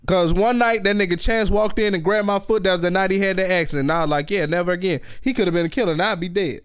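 A man's voice: sits high, quick pace, clean tone. A man from Louisiana telling stories in a casual comedic podcast chat, laughing often. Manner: animated storyteller who often breaks into laughter. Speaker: podcast co-host.

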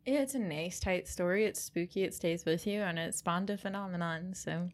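A woman co-hosts a podcast in easygoing chat, her voice sitting a little low for a woman. She laughs often as she talks and fills her sentences with lots of little fillers. She sounds relaxed and conversational. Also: moderate pace. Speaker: podcast co-host.

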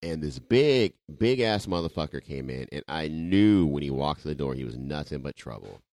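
Deep-voiced middle-aged dude, swears constantly, tells stories with lots of ups and downs, dry close sound. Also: male voice, lively intonation, normal speed, darkish tone, dry recording. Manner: profane, blunt storytelling. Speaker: podcast co-host. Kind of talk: casual chat.

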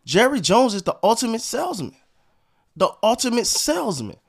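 A man's voice: very high-pitched, very animated, normal speed, creaky, breathy edge. A man hosting a sports podcast, ranting in a frustrated, profane, repetitive way. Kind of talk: casual sports rant.

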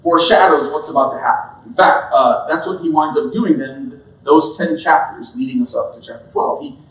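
A high-voiced man preaching a casual sermon in a chatty, joking way, full of fillers and asides to the listeners. His voice rings in a roomy church hall and sounds a bit distant from the mic. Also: expressive, normal speed, fairly bright tone. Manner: chatty, joking, lots of "like" and "all right?".

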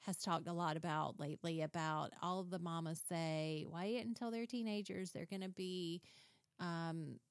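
A woman's voice: on the low side, steady tone, a little slow, dry recording, clean studio sound. A woman in her thirties hosting a podcast, bubbly and laughing often as she chats. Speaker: podcast host. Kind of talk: casual chat.

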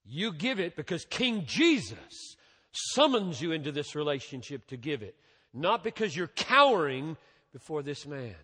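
A male pastor preaching a sermon in a large church, his fairly high voice carrying a long hall reverb. He speaks slowly and deliberately, swelling loud on key words and dropping soft after them. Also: very animated, husky. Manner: emphatic rises and drops in loudness, slow deliberate delivery.

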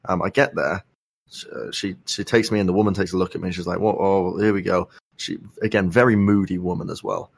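A young man with a sore throat, speaking softly while telling a rambling, wry story in a casual podcast chat. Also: low-pitched, fairly even intonation, fast talker, creaky, breathy edge. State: sore throat, soft-spoken. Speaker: podcast co-host.

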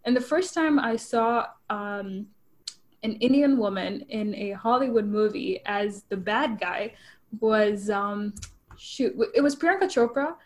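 A woman chatting casually, pausing often and restarting her sentences. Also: mid-range voice. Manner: hesitant, many pauses and restarts. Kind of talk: casual chat.

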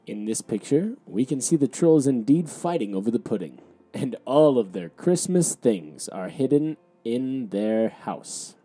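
A man co-hosting a podcast, describing a storybook's pictures one by one in a deadpan, matter-of-fact way. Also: mid-range voice, unhurried, slightly rough. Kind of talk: picture-by-picture commentary.

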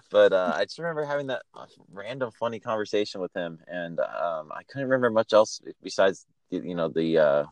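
A man's voice: low voice, dry recording. A man co-hosting a podcast, recalling a story in a rambling, hesitant way with lots of fillers. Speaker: podcast co-host. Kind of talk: casual chat.

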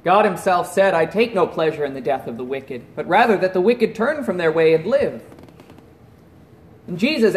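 A man preaching a sermon in an earnest voice that drops to a hush at solemn points. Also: sits high, animated, moderate pace, echoey room. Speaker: pastor.

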